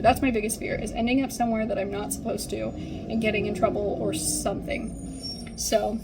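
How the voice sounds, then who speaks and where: Chatty young woman, slightly high voice. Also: flat delivery, normal speed, gravelly, noisy background. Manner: chatty, rambling, frequent "like" and "um". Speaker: vlogger. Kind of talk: casual story time while getting ready.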